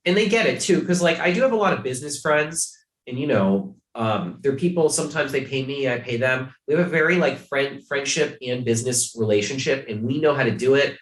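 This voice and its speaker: A man's voice: mid-range voice, lively intonation, fairly quick, a bit bright, reverberant. A man from Ohio, a podcast guest chatting casually, rambling with many fillers and restarts. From Ohio, USA.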